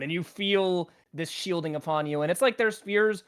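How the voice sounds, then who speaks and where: A man's voice: sits high, normal speed, fairly bright tone, clear, resonant tone. A man narrating as game master in a casual tabletop game, rambling with lots of ums and laughs.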